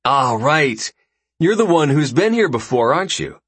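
A man's voice: fairly high pitch, very animated, moderate pace, a bit bright, breathy edge, no room sound, voice pushed up, heavily acted. A man voicing a jovial, boastful young male ruler who talks in a breezy, self-assured way for an audiobook. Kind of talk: audiobook character voice.

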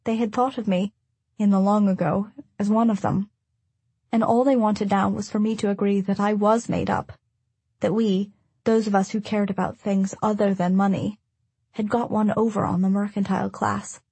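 Audiobook narrator, woman, husky voice, dry close sound, measured storytelling. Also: medium pitch, level tone, mellow, no room sound. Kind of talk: first-person audiobook narration.

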